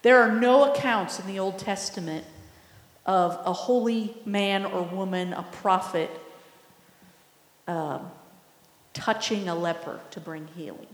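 A woman preaching a sermon, earnest and teaching in manner. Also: mid-range voice. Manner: earnest, teaching, slow and deliberate. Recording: echoey hall, long reverb.

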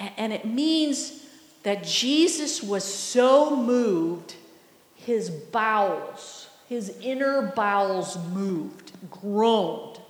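A woman preaching a sermon, earnest and teaching in manner. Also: fairly high pitch. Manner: earnest, teaching, slow and deliberate. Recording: echoey hall, long reverb.

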